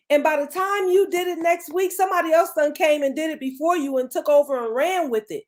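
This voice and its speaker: A middle-aged woman gives a motivational talk as a podcast co-host. Her voice sits high, and she drives her points home by repeating phrases. She sounds emphatic and a little preachy. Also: animated, moderate pace.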